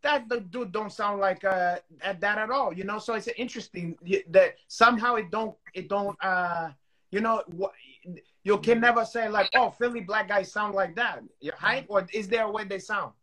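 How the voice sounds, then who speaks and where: High, bright-voiced man musing aloud. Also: moderate pace, low-quality recording. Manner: curious, rambling, swears casually. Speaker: co-host. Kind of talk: casual chat.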